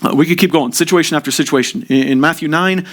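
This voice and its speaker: A male pastor delivering a sermon in a church, his voice sitting a little higher than most men's. He talks earnestly and steadily, often stumbling over the first word of a sentence before pressing on. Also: fast, a bit bright. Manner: earnest, repeats opening words when starting sentences.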